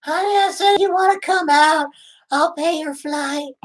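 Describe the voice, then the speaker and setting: High-voiced giggly woman on a prank call. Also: a little slow, poor audio. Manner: giggly, clingy and overly emotional. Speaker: scam baiter posing as a lonely woman.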